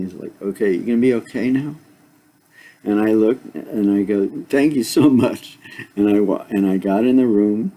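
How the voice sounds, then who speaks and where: A man's voice: fairly low pitch, dark tone. An older man telling a rambling personal story in a casual way, chuckling often and making sound effects. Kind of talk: casual spoken anecdote.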